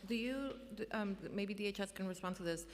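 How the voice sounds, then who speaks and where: A woman chairing a council hearing who puts questions haltingly, with restarts and fillers, her voice a little scratchy. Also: mid-range voice. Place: council chamber. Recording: long chamber reverb, faint room noise.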